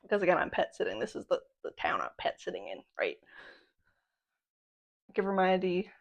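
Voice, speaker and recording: Excitable young woman telling a story. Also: lowish voice, brisk, vocal fry, rough recording. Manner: excitable, exclamatory, playful self-mocking. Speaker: podcast host. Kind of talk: casual storytelling chat.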